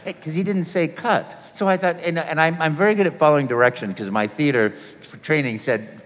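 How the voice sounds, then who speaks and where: A man, a voice actor, telling a story on stage in an animated way and voicing people in it. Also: fairly high pitch, brisk. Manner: animated, voices other people in his stories. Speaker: voice actor guest. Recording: echoey hall, dull sound.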